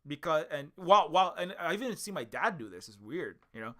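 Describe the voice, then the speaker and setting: Rambling bright-voiced male commentator. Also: on the high side, very animated. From Hawaii. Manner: rapid, rambling, many fillers and restarts. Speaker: video commentator.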